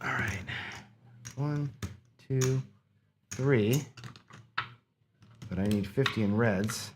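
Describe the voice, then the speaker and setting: Slow-talking man muttering over dice. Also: mid-range voice, noisy background. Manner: frustrated, swearing, muttering to himself. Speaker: craps channel host. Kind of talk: casual play-by-play while gambling.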